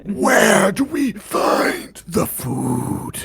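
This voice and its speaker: A man voicing a pack of hungry, menacing forest mimic creatures, shouting and wailing in drawn-out cries. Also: high voice, very animated, gravelly, slightly rough, exaggerated voice. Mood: pleading. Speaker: game master.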